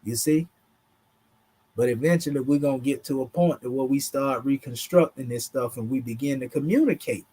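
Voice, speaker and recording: A man's voice: mid-range voice, normal speed, dark tone, breathy edge. A man with a Southern US drawl giving a casual, emphatic online lesson, talking through charts in a slangy, conversational way. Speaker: teacher.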